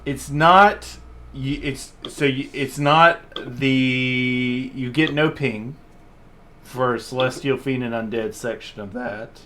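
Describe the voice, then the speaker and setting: A man's voice: mid-range voice, slow pace, bright, forceful tone. Man running a tabletop game. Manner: rambling, self-correcting narration. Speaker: game master.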